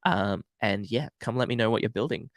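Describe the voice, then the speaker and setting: A young man wraps up a coding livestream in a relaxed, chatty way, filling gaps with ums and uhs. His voice has a gravelly, sick-sounding edge from a cold, and the recording is close and dry with no room sound. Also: on the low side, brisk, no room sound. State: sick, congested voice. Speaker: livestream host. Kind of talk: casual livestream outro.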